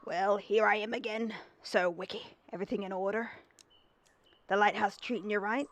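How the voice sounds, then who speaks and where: A woman voicing a gruff old male fisherman in a game, with a put-on accent that keeps wandering. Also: mid-range voice, steady tone, moderate pace, close to an everyday voice. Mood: haggling.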